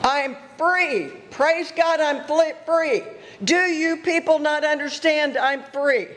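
A woman voicing a small man who shouts for joy at being freed, her voice climbing high. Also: sing-song, drawn-out words, full character voice. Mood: ecstatic. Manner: exultant, rising pitch.

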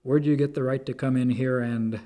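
A man's voice: medium pitch, steady tone, moderate pace, warm tone, natural voice. A man voicing a rude, flustered art dealer who brushes people off in a storybook reading. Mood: dismissive. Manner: flustered and dismissive.

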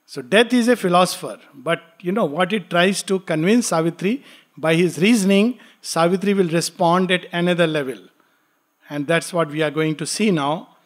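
A man teaching a spiritual study class. He explains ideas plainly, reads verse slowly, and laughs lightly as he talks. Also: sits high. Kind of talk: lecture with poetry reading.

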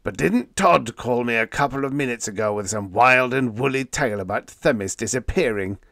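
A man voicing a gruff older male spaceship captain who roars and rasps in exasperation. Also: mid-range voice, moderate pace, fairly bright tone, no room sound, studio quality. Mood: exasperated. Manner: roaring, rasping, exasperated.

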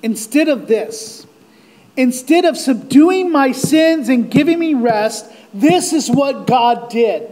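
A man preaching at a slow, deliberate pace in a strikingly high voice. He speaks earnestly and directly to his congregation as their pastor. At emotional peaks he rises almost to a shout. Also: expressive. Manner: impassioned, rising to near-shouts on quoted cries; earnest, direct address to listeners. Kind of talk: sermon.

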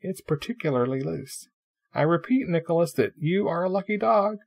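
A man voicing a pompous, cheerful young male logician who talks in a lofty, wordy, mock-solemn way, with a husky voice. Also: a little high, animated, normal speed, pitched above the performer's own voice.

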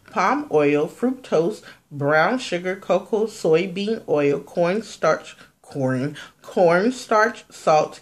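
A woman vlogger chatting casually as she reviews products and reads out ingredient lists. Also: sits low.

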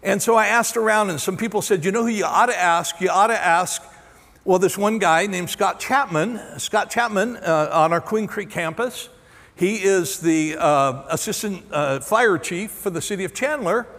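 A man in his sixties preaching a sermon, telling a story in a candid, self-deprecating way full of halting restarts. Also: sits high, a bit bright. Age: 60s. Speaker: pastor. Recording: long church hall reverb.

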